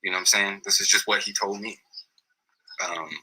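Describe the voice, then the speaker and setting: Guest, male, husky and intense, casual slang-heavy storyteller, lots of restarts. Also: fairly low pitch, steady tone, a little fast, pushed and bright, low-quality recording.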